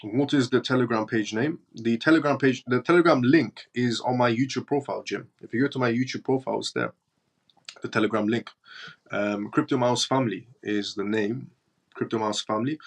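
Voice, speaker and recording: A man with a British accent hosting a live stream, reading news and viewer comments aloud in a blunt, mocking way. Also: medium pitch. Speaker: crypto livestream host.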